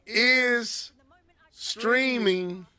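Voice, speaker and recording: High-voiced, slow-talking male podcast host. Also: bright, forceful tone, smooth. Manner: slangy, loose and rambling, sets up topics. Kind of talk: casual podcast chat.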